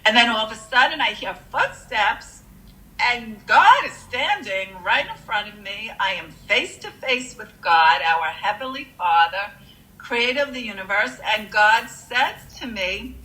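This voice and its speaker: A woman's voice: a little high, lively intonation, measured pace, pushed and bright, poor audio. A woman earnestly telling a personal near-death story, with frequent fillers.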